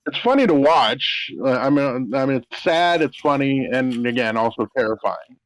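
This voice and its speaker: A man with a very lively, rising-and-falling voice chats loosely on a podcast. He swears freely and keeps tossing in "dude" as he talks. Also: medium pitch, normal speed, a little hiss or hum, low-quality recording. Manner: profane, says "dude" a lot. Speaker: podcast co-host. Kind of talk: crude casual chat.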